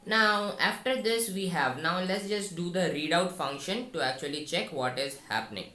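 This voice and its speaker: A woman's voice: on the low side, normal speed, pushed and bright. A woman teaching a coding tutorial, thinking aloud and talking viewers through each step of the code. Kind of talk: screen-recorded coding tutorial. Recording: echoey room with faint noise and keyboard typing.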